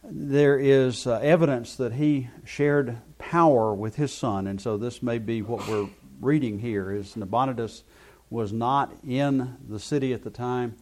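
A man's voice: medium pitch, unhurried, a little mellow. A man leading a Bible study class, explaining at length with many hesitant fillers. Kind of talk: classroom teaching.

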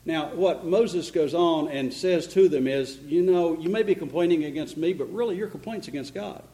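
High-voiced man preaching a sermon. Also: normal speed, few pauses, rough recording. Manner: animated, rises in pitch for emphasis, frequent restarts. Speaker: pastor. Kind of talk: expository sermon. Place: church.

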